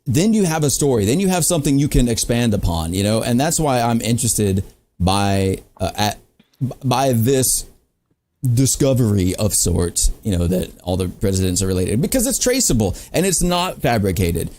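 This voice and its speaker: Joking man with a lively voice. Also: mid-range voice, moderate pace. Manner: joking, rambling, full of fillers. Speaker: guest panelist. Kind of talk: casual panel chat.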